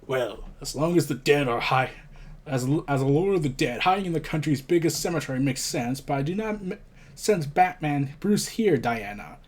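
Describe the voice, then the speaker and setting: A man's voice: a little high, animated, moderate pace. A man reading a grave swamp creature hero.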